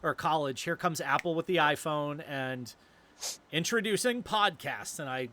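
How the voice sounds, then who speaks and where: A man's voice: on the high side, moderate pace, pushed and bright, slight background noise. A man in his forties from Massachusetts, co-hosting a podcast in casual, eager chat as a fan who reacts with laughs. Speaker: podcast co-host.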